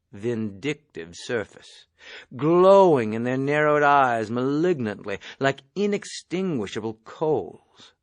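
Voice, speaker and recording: A man narrating an audiobook in a wry, measured reading voice. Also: medium pitch, no echo. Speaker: audiobook reader.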